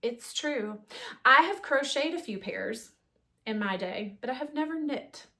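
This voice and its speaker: A woman's voice: high voice, lively intonation, measured pace, bright, forceful tone. A woman hosting her knitting podcast, chatting casually through a show-and-tell with frequent ums and restarts. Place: home knitting corner.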